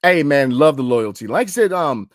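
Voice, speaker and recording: Lively late-night sports podcast host man. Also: on the high side, moderate pace, dry recording, clean studio sound. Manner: animated, talks through slang and repeated fillers.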